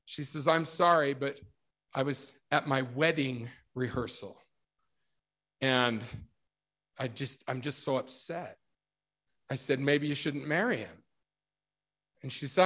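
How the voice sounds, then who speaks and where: A middle-aged man giving a religious talk, telling a story and acting out the quotes with lively emphasis. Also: on the high side, a little slow, long pauses. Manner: storytelling, animated, acts out quotes. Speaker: speaker.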